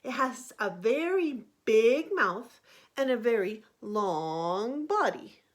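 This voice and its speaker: A woman's voice: fairly high pitch, big pitch swings, slow pace. A woman voicing a worried frog father in a storybook reading, who pleads with an urgent, earnest tone. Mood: explaining.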